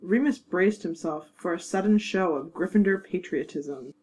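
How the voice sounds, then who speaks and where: A woman with a fairly low voice narrates a fanfiction audiobook. Her telling is measured and wry, and she keeps an even storyteller's pace. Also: a little hiss or hum, rough recording. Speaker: narrator and producer.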